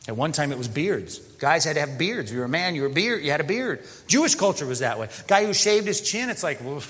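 A man preaching a sermon as pastor, animated, often slipping into mock quoted voices. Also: on the high side, fairly quick, hardly any pauses. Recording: long hall reverb.

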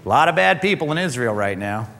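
A man preaching a sermon as pastor, animated, often acting out quoted voices. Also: mid-range voice, fast talker, vocal fry, slight background noise. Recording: long hall reverb.

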